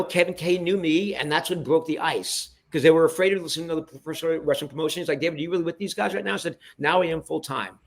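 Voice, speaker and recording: A middle-aged man telling backstage stories in a casual interview, animated and acting out what others said, swearing when heated. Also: on the high side. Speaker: podcast guest.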